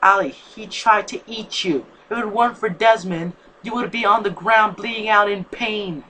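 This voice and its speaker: A reader voicing Bernard, an angry male plant monster from a fan story, shouting harshly. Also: medium pitch, normal speed, slight background noise, pitched above the performer's own voice, natural voice.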